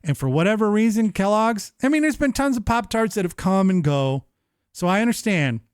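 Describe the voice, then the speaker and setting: A man in his thirties hosting a live-streamed show, chatting casually in an animated, profane, rambling way. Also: high voice, fairly quick, smooth, dry recording, studio quality. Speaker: livestream show host.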